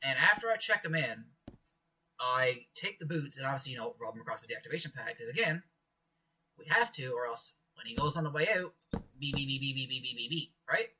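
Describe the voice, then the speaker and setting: A man's voice: medium pitch, big pitch swings, a little fast, pushed and bright. A young man from Canada casually telling work stories as a podcast co-host, rambling with many fillers and bursts of animation. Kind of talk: casual storytelling over gameplay. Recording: distant mic with clear background noise.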